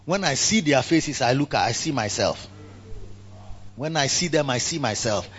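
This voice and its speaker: A man with a Ghanaian accent preaching a church sermon, swinging between loud exhortation and quiet asides, slipping Twi phrases in among the English. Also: mid-range voice, animated, moderate pace, muffled recording. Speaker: pastor. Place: church service.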